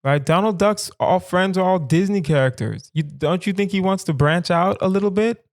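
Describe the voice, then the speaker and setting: High-pitched and moderately paced, a southern American man in his thirties hosts a solo comedy podcast. He rambles animatedly through casual musings and keeps asking his listeners rhetorical questions.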